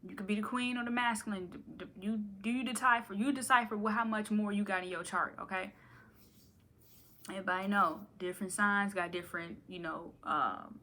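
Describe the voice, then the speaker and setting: A woman's voice: mid-range voice, steady tone, brisk, sharp tone. A woman giving a casual tarot reading, playful and rambling, with slangy asides and frequent laughter. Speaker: tarot reader.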